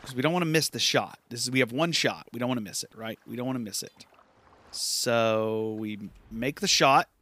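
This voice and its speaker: A man's voice: medium pitch, moderate pace, sharp tone. A man giving casual gameplay commentary for a podcast, rambling, repeating himself and amused at his own play. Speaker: gaming podcaster.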